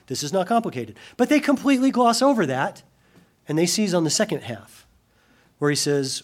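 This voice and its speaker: A man preaching a sermon, acting out quoted voices with sudden loud rises and dropping soft and slow on solemn points. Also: high-pitched, very animated. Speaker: pastor.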